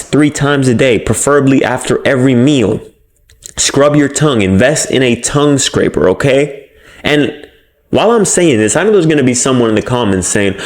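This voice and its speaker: Young guy giving blunt self-help pep talk, swears a lot, normal mid voice. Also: medium pitch. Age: young adult. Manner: blunt, swearing, animated coaching. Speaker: self-improvement host. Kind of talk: casual motivational monologue.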